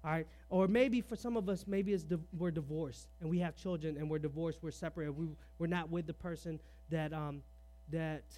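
A man's voice: fairly high pitch, fairly even intonation, moderate pace, warm tone, faint music behind. A man preaching a sermon on parenting, firing off rhetorical questions, dropping "all right" between points, and sharing personal stories in an earnest, conversational way.

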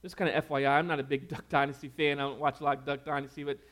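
A man preaching a conversational sermon, telling folksy stories and dropping to a quiet, earnest tone to pray. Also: medium pitch, level tone, racing. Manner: folksy storytelling, drops to a hush for prayer. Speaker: pastor.

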